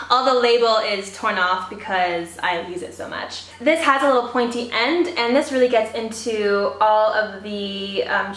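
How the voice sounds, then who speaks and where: A woman's voice: mid-range voice, fairly bright tone, echoey room. A young woman from Canada chatting casually as she does her makeup for a get-ready-with-me vlog, telling stories with lots of "like". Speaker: beauty vlogger.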